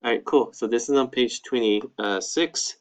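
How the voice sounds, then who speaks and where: A man's voice: medium pitch, unhurried, clear, resonant tone. A man, teaching an online language lesson in a casual, upbeat way. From United States. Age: 20s. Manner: casual, upbeat, peppered with "all right, cool". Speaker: Spanish teacher.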